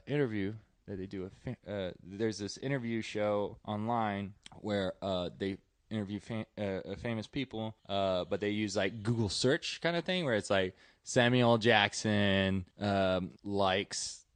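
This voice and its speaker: A man's voice: on the low side, clear, resonant tone, dry recording. A man with a Texan accent, a stand-up comedian guest chatting on a podcast in a loose, rambling, profane way with lots of fillers. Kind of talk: casual podcast chat.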